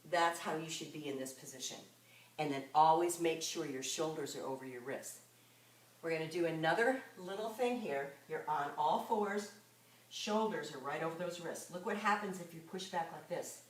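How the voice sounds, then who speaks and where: A woman's voice: deep voice, moderate pace, a little hiss or hum. A woman fitness instructor leading a live exercise class, coaching moves and counting reps aloud. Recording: echoey room, mic far off.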